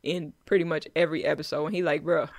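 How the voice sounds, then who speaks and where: A man co-hosting a podcast in casual chat, joking in slang and slipping into quick quoted voices. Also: a little high, level tone, dry recording. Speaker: podcast co-host. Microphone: remote call.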